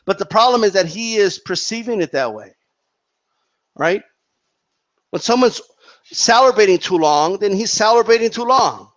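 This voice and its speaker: A man's voice: a little high, dull audio. A man hosting his own commentary channel, giving a heated opinion monologue and checking in with "right?" and "okay?" as he goes. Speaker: boxing commentary channel host.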